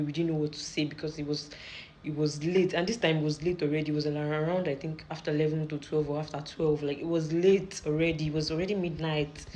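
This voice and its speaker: A young Nigerian woman with a Nigerian accent telling a rambling, animated story in casual storytime style. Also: low-pitched, a little hiss or hum, low-quality recording. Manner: rambling, animated retelling with repeated phrases.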